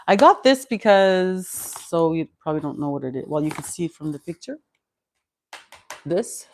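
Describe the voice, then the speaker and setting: A woman's voice: sits low, expressive, moderate pace, a little mellow, slight background noise. A woman of fifty from Canada, vlogging in a chatty, rambling way with many restarts, close to a clip-on mic at home. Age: 50s. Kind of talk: casual chat.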